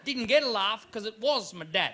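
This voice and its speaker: Bright-voiced Australian stand-up comic. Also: male voice, high voice, normal speed, some chatter behind, slight background noise. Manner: animated, jumps into loud character voices. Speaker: stand-up comedian. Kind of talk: live stand-up comedy. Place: comedy club stage.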